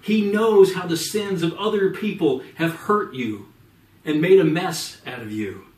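A man with a slightly higher voice delivers an earnest sermon, slowing his words for emphasis. He sounds set back from the microphone in a roomy, echoing church. The delivery is steady pastoral preaching. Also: far from the mic. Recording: echoey room from off the mic.

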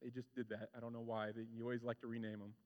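A man preaching a conversational sermon, animated and casual, acting out the people he talks about. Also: mid-range voice, rapid-fire. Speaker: pastor. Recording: long reverb of a large hall.

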